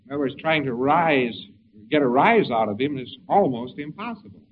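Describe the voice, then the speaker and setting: A man giving a conversational lecture, halting and repeating words as he goes, on a lo-fi tape with faint hiss. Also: mid-range voice, expressive.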